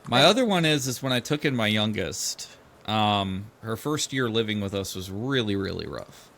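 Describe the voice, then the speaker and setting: A middle-aged man, a podcast host, telling a family story casually, animated and swearing freely as he acts out the quoted voices. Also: fairly low pitch, moderate pace, creaky, slight background noise.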